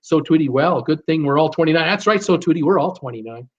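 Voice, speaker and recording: Male live-stream host, slightly high voice, casual and rambling, dull lo-fi stream sound. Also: lively intonation, quick pace. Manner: reads viewer comments aloud and responds chattily; jokey, lots of uh fillers.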